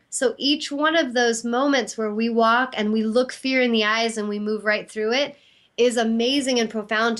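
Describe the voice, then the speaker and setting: A woman's voice: a little high, a bit bright. A middle-aged woman, host and intuitive healer, giving an earnest, encouraging self-help talk and acting out inner dialogue.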